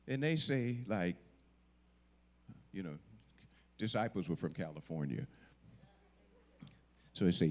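A man's voice: mid-range voice, very animated, slow, long pauses, fairly bright tone. A middle-aged man preaching a sermon with dramatic storytelling, acting out the voices of the figures and dropping suddenly to a whisper. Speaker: guest preacher.

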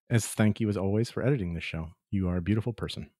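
A man with a lowish voice chatting easily as a podcast co-host, stopping and restarting with fillers as he goes. The sound is dry and close to the mic. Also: no echo. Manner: relaxed, halting with fillers. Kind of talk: casual chat.

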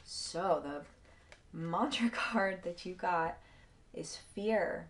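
Low gravelly woman giving a tarot reading. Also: extremely slow. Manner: emotional, effusive, swears casually. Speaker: tarot card reader. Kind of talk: casual spiritual card reading.

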